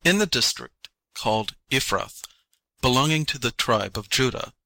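A man reads an audiobook introduction plainly, like an announcement. His voice is gravelly and bright. The sound is dry and close. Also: medium pitch, animated, moderate pace, no echo, rough recording. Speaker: volunteer audiobook reader. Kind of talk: audiobook reading.

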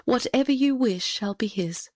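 A gentle good fairy from a storybook who speaks slowly and solemnly, with a touch of sadness, as a woman reading aloud gives her voice. The recording is dry and close. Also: fairly high pitch, animated, dry recording, pitched above the performer's own voice, natural voice.

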